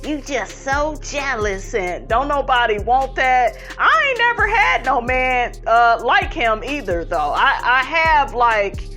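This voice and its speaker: A woman's voice: sits high, sing-song, slow, few pauses, sharp tone, soft background music. A woman, giving sassy casual commentary and reading out viewer comments, calling her viewers honey. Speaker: commentary host.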